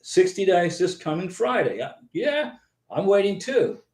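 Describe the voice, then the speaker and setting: A man rambles his way through a live stream, repeating himself and calling viewers by name as he answers their comments. His voice sits fairly high for a man, and the room around him rings with echo. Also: very animated, measured pace, a little mellow. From United States. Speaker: host of a live visa advice stream.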